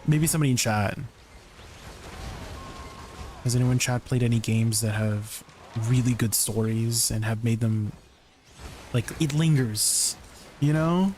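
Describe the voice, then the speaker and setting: A man streaming live, chatting casually to his viewers in a rambling, excitable way, full of restarts and filler words. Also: mid-range voice, measured pace, pauses often, faint music behind.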